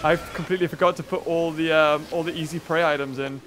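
A British man commentating on a dinosaur park game, breaking into excited shouts and laughter. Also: a little high, fast talker, slight background noise. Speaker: gaming YouTuber. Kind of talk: excited let's-play commentary.

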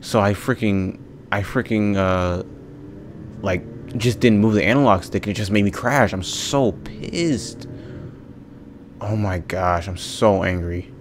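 A man's voice: low-pitched, measured pace, slight background noise. A young man hosting a let's play, exasperated and ranting at the game, swearing often. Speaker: gaming video host.

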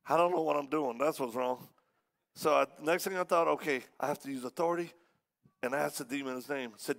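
A man preaching as a guest, telling a story in a lively way and acting out the voices of the people in it. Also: on the high side, a little fast, gravelly. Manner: animated, acts out quoted voices. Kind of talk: storytelling sermon.

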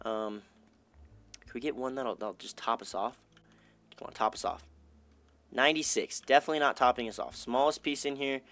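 A man's voice: mid-range voice, dry recording. A young man giving casual, chatty commentary over his own gameplay, talking to himself and his fans. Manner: chatty, self-talking, upbeat, bursts of excitement. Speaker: gaming YouTuber.

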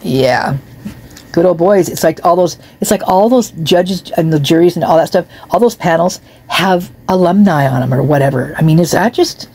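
A woman's voice: on the low side, normal speed, warm tone, slightly rough. Chatty woman reading comments into her phone. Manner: chatty, reacts with disgust and laughs, talks to her cat. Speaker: true crime commentator. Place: home, seated in a chair.

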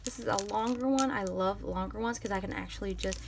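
A woman's voice: medium pitch, quick pace, vocal fry, a little hiss or hum. A woman chatting to her viewers as she unboxes planner supplies, gushing over each item as she handles it. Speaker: planner vlogger. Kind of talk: casual unboxing haul.

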